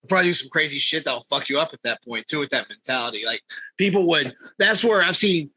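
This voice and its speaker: A man's voice: a little high, lively intonation, fast, pushed and bright, slightly rough, no room sound, rough recording. A man talking as a fitness coach in a casual podcast chat, blunt and emphatic, swearing freely.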